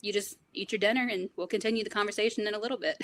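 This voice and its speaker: A woman guest on a podcast interview, telling personal family stories in a lively, storytelling way. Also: medium pitch, no echo. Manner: fast, animated storytelling, quotes others' voices. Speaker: guest, wrestler's granddaughter.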